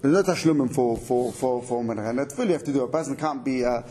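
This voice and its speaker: A man giving a Torah lesson on prayer law, explaining quickly and animatedly, with many Hebrew and Yiddish terms mixed into his English. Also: medium pitch, dark tone. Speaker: Torah teacher. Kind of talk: halacha class.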